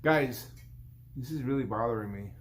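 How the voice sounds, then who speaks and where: A man's voice: mid-range voice, normal speed. A man in his fifties, a barber hosting his own vlog, telling a shop story in a rambling, casual way and acting out his client's lines. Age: 50s.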